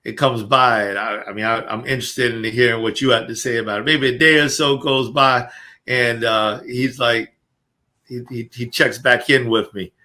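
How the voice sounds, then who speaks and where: A man co-hosting a casual talk show, telling an animated story and reading messages aloud. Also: mid-range voice, moderate pace. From Florida. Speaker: co-host.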